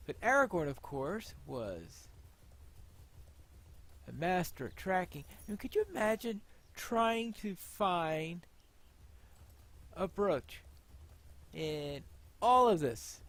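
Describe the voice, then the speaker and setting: Chatty man with a fairly high voice. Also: big pitch swings, takes it slowly, pauses often, a bit bright. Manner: chatty, wry, thinks aloud. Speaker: gameplay host. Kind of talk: casual gameplay commentary.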